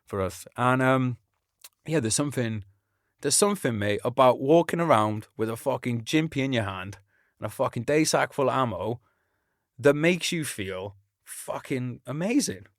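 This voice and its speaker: A man's voice: mid-range voice, animated, normal speed, dry recording, clean studio sound. A man from Britain, an army veteran hosting a podcast, talking in a casual, sweary and rambling way, laughing often. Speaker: podcast host. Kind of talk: casual chat.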